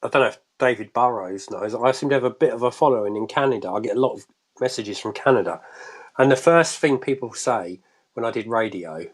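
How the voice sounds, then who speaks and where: A man's voice: mid-range voice, fairly quick. Chatty Cambridge-accented man in his late thirties. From Cambridge, England. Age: late 30s. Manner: chatty, laughs often, restarts sentences. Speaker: co-host. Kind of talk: casual chat on a live video show. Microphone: mobile phone.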